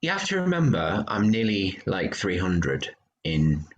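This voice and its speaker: A British man, a theatre actor, chatting casually and telling backstage stories with lively, acted-out quotes. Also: measured pace, muffled recording. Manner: animated storyteller, acts out quotes with big pitch jumps. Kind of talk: casual chat.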